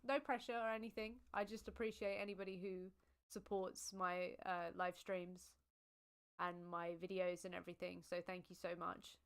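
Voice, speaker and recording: A woman's voice: on the low side, little pitch movement, normal speed, clean tone. A woman hosting a casual livestream, chatty and giggly as she thanks viewers and reads comments. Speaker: livestream host.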